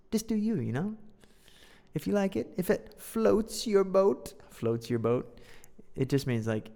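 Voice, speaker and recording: A laid-back young hero in a storybook reading, as a man puts him on, talking in an easygoing, reassuring way. His pitch rolls around freely, and a long reverb trails after each line. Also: gravelly, mellow.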